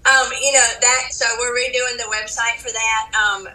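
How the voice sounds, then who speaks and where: Woman, Southern accent, psychic medium guest, gentle and earnest, bright voice, heard from a distance in an echoey room. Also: a little high, steady tone, normal speed. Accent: Southern American. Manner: earnest, gentle and spiritual, with frequent restarts. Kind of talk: casual interview talk.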